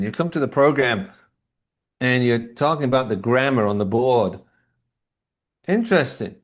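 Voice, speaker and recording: A man at an ordinary mid pitch talks as a leadership coach and guest in an interview. He explains his points through anecdotes, then asks rhetorical questions in a relaxed, conversational way.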